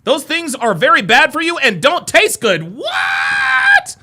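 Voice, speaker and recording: A man hosting a live reaction stream, reading viewer comments aloud with loud, crude, mocking banter that swings between yelling and mumbling. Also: very high-pitched, very animated, normal speed, background noise. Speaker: reaction show host.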